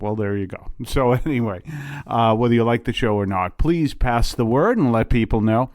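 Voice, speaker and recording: A man's voice: medium pitch, animated, normal speed, no echo. A middle-aged man, a priest hosting his show, talking in a casual, rambling way with frequent fillers and side remarks. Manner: rambling and digressive, with many fillers and asides. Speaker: priest and podcast host. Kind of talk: casual homily-style monologue.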